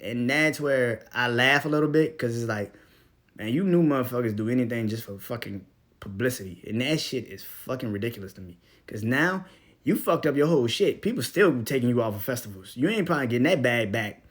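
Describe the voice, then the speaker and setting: A young man with a middle-pitched voice hosts his own podcast in a loose, profane rant. He talks bluntly, laughs between thoughts, and drifts from loud bursts to low mumbles. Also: lively intonation, fairly quick. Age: young adult. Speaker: podcast host. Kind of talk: casual ranting monologue.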